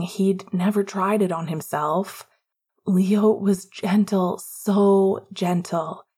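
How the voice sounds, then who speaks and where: A woman narrating a romance audiobook in a hushed, often half-whispered delivery. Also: lowish voice, breathy edge.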